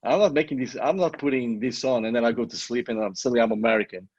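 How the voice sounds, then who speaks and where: A middle-aged man with a foreign accent and a husky, slightly rough voice coaches an online class with blunt, repetitive emphasis. His voice is dry and close, with no room around it. The audio is dull and lo-fi. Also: medium pitch, fast, dry recording. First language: not English. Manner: emphatic, repeats himself, swears casually. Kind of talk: motivational live coaching talk.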